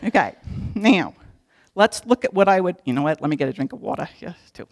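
A woman's voice: fairly low pitch, very animated, a little fast, a little mellow. A woman giving a casual devotional Bible teaching in a folksy, humorous way, talking straight to her listeners.

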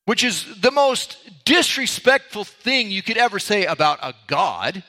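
A man's voice: sits high, very animated, a little slow, bright, forceful tone. A man preaching a sermon, reading verses aloud and explaining them with casual asides. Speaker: pastor.

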